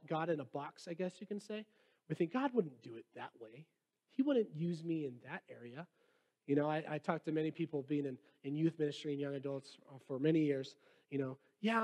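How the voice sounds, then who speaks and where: A man's voice: a little high, dark tone. A young man, a youth pastor, preaching a sermon in a casual, joking way and reading scripture aloud.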